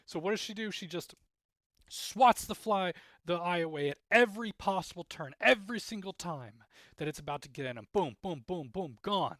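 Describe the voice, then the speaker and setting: A man giving casual, rambling commentary as a TV reviewer, growing exasperated and animated with many restarts. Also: high-pitched, normal speed, no room sound. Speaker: TV show reviewer.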